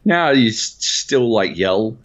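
A man's voice: fairly low pitch, takes it slowly, muffled recording. An Australian man co-hosting a podcast, telling a story in casual chat with lots of swearing. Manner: profane, animated storytelling. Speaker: podcast co-host.

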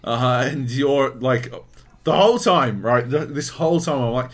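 A lively, sing-song Australian man co-hosting a casual chat podcast. He recounts a gaming story with loose, rambling energy and plenty of swearing, voicing other people's lines as he goes. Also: mid-range voice, unhurried. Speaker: podcast co-host.

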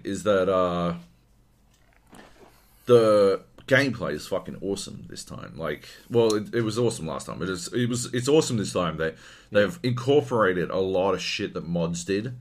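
A man's voice: lowish voice, very animated, normal speed. A man co-hosting a gaming podcast in casual chat, ranting animatedly with lots of swearing. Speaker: podcast co-host.

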